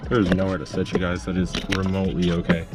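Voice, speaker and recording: A man's voice: deep voice, monotone, fast talker, very noisy. A man talking through a repair on his truck while he works, rambling and out of breath from being sick, recorded on an action camera with music behind. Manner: rambling, self-interrupting, talks to the camera. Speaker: car repair vlogger. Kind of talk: casual how-to narration while working.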